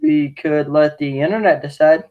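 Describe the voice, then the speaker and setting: A man's voice: a little high, moderate pace, dull audio, close to an everyday voice. A man playing a laid-back, rambling assistant. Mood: scheming. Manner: casual, offhand, rambling. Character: laid-back, scatterbrained young male casting assistant. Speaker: casting assistant. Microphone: video call.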